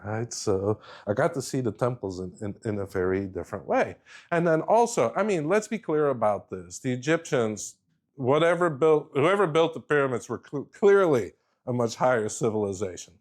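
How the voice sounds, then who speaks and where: A man's voice: medium pitch, sing-song, normal speed. A middle-aged man telling a story in a casual, rambling way, often restarting his sentences. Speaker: guest speaker.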